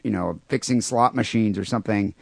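A man's voice: lowish voice, brisk, creaky, no room sound. Man, podcast co-host, offhand, irreverent, repeats words, dry close mic. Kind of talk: casual podcast chat.

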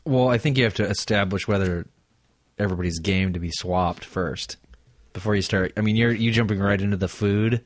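A man co-hosting a podcast in a lowish voice, tossing out crude jokes and chuckling between lines. The sound is close and dry, with no room around it. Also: brisk, dry recording. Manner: laughing, joking, crude offhand delivery. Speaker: podcast co-host. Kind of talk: casual podcast banter.

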